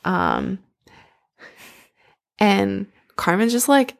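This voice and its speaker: A woman's voice: fairly low pitch, expressive, unhurried, gravelly. A young woman casually retelling a story in a loose chat, filling her sentences with "like" and "um". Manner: loose, filler-heavy retelling with lots of "like". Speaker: storyteller retelling an opera plot.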